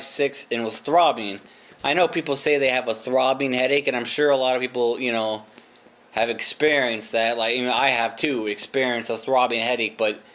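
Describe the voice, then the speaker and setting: A man's voice: medium pitch, a bit bright. A young man telling a rambling, profane, self-mocking story in a casual vlog. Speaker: vlogger.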